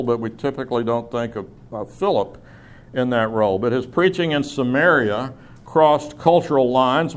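A middle-aged man leads a Bible class in a classroom. His pitch sits in an ordinary middle range, and he talks conversationally, with fillers and restarts.

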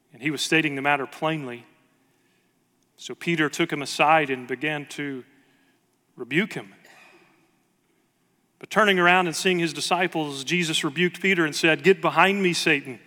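A man preaching a sermon in a church, his voice bright and forceful and pitched a bit high. He reads scripture aloud with earnest emphasis, and a long reverb trails each phrase. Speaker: pastor.

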